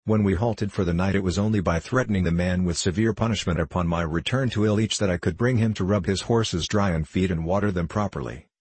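A man narrating an old-fashioned adventure novel with measured, even delivery. His voice is deep and husky, recorded dry and close with no room sound. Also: no room sound. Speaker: audiobook narrator. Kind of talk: scripted narration of a classic novel.

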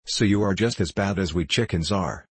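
A man with a low, husky voice reading the lines of a gruff, blunt female yellow hen in an audiobook story. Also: moderate pace, no echo. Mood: matter-of-fact. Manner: gruff, blunt and self-assured.

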